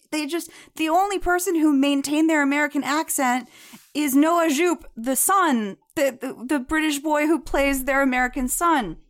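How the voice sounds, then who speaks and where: A woman co-hosting a podcast in casual chat, chatty and digressive, with many fillers and frequent laughter. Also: high-pitched. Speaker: podcast co-host reviewing a TV series.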